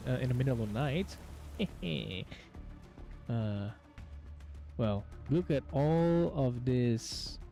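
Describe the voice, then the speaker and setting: A man's voice: medium pitch, warm tone, low-quality recording. A man hosting gameplay commentary, reading on-screen game text aloud and stumbling over words as he goes. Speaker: gaming channel host.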